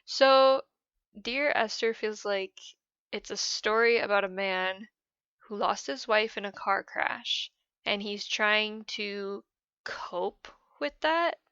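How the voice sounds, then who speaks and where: A woman hosting a gaming channel, talking through her feelings about a game in a hesitant, rambling, soft and emotional way. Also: mid-range voice, slow, clear, resonant tone, no room sound, muffled recording. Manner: hesitant, rambling, many "I don't know"s. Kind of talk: casual post-game reflection.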